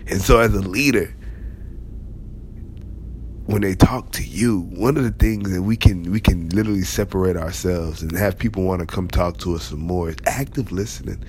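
Deep-voiced motivational speaker. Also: male voice, normal speed, darkish tone, a little hiss or hum. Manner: conversational, emphatic, repeats key phrases. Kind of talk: motivational talk to leaders.

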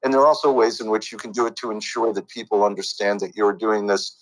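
A man's voice: lowish voice, flat delivery, quick pace, low-quality recording. A man who works as a voice actor and coach, talking casually in an interview with many fillers and restarts.

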